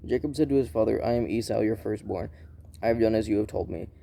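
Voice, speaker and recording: A man reading scripture aloud in a plain, unhurried way, often restarting and correcting himself. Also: fairly low pitch, vocal fry, warm tone. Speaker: Bible reader.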